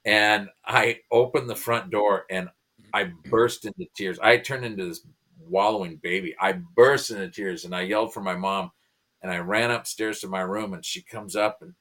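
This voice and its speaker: A low-pitched man shares his faith testimony as a guest, earnest and emotional, his voice rising with feeling in the big moments. He tells it as a personal story, not a sermon. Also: moderate pace. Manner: earnest, emotional, animated retelling. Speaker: pastor, comedian and author, guest.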